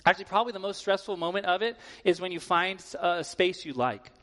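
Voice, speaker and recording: A man with a fairly high voice preaching a sermon in a church, relaxed and conversational and full of casual filler words. His voice rings out with a long reverb. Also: fast. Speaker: guest preacher. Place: church sanctuary.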